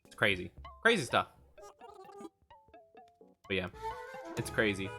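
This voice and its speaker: A man's voice: lowish voice, sing-song, slow, pauses often, over music. A young man streaming a game and chatting casually with viewers, upbeat and chatty. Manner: upbeat, chatty, greets viewers, often laughs. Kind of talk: casual live-stream chat.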